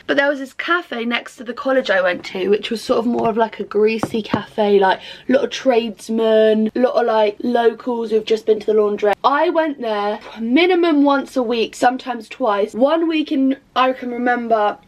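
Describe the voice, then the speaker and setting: Young english woman, casual vlog, rambling and sweary, slightly high voice, echoey room. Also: recorded from a distance. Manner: rambling, sweary and self-mocking. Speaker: vlogger. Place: at home, indoor room. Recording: echoey room with faint background noise.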